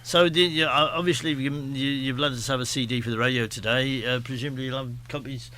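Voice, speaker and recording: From a radio studio, a Stafford man with a Staffordshire accent talks briskly in a mid-range, fairly even voice that sounds pushed and bright. His casual chat wanders, pokes fun at himself, and keeps restarting, with a little hiss or hum in the recording.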